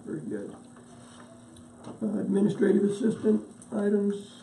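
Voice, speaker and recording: A man with a gravelly, dark voice chairs a county board meeting, pausing and hunting for words. He sits away from the mic in an echoey meeting room, with faint hiss underneath. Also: high-pitched, level tone, distant mic. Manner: halting, searching for words.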